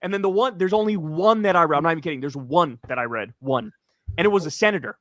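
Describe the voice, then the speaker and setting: A man's voice: fairly high pitch, fast talker, fairly bright tone, no echo, studio quality. A man, a political commentator, ranting in a heated, profane, casual podcast chat.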